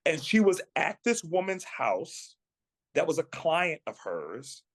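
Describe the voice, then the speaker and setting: A man on a podcast, earnestly telling a personal story of faith in a reflective way, slowing down at the emotional moments. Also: on the high side, sing-song, dry recording. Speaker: guest, actor and singer.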